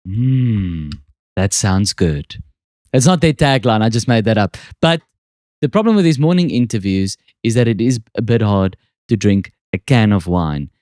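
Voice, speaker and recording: A man's voice: fairly low pitch, expressive, measured pace, darkish tone, no room sound, studio quality. A man with an Afrikaans South African accent hosts a podcast in casual, joking, self-deprecating chat. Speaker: podcast host.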